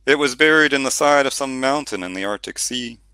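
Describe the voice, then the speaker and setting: A man narrating an audiobook in steady storytelling, with the odd reading slip. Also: mid-range voice, brisk, smooth, dry recording. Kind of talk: scripted narration.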